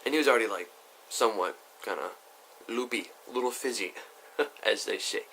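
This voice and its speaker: A man's voice: fairly low pitch, fairly quick, sharp tone, slight background noise. A young man telling a story on his vlog in a chatty, rambling way, full of asides. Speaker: YouTuber.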